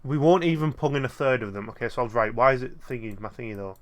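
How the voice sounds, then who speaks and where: A young man hosting a casual let's play, working through puzzles out loud in an offhand, muttering way. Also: medium pitch, quick pace. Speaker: gaming channel host.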